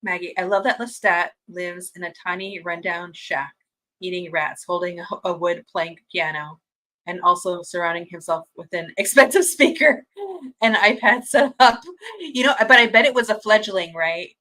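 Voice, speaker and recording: A woman hosting a fan watch-party stream, chatting casually and reading out viewer comments, gushing and excitable, laughing often and restarting her sentences. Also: on the low side, moderate pace, low-quality recording.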